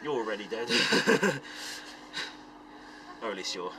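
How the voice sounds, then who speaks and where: A man hosting a casual travel vlog while riding a train, relaxed and chatty, often chuckling as he talks. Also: slow pace. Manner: chuckly, relaxed and chatty, reading lists with playful relish. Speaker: vlog host. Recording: loud wind and rumbling train noise.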